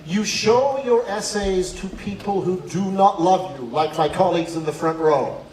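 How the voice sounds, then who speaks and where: A man giving a talk on college essays at a school event, telling stories in an animated, humorous way. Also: high voice, moderate pace. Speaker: speaker on college admissions. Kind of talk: talk to students and parents. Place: school hall with audience. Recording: echoey hall from far off.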